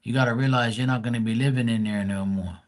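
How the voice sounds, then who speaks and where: A man's voice: medium pitch, fairly even intonation, fast talker. A man, giving blunt, profane advice on a casual livestream. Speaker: live tarot reader.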